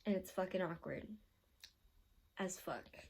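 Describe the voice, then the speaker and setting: A woman's voice: on the low side, a little slow, creaky. A young woman vlogger telling a story in a casual Q&A, rambling and swearing often, with lots of filler words. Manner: animated, laughing while telling the story.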